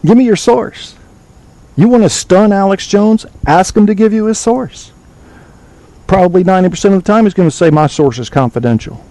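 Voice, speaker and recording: A man's voice: high voice, moderate pace, warm tone, dry recording, rough recording. A man hosting a talk podcast, lecturing bluntly and swearing freely, reading aloud from a web page now and then. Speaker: podcast host. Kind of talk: opinionated call-in show monologue.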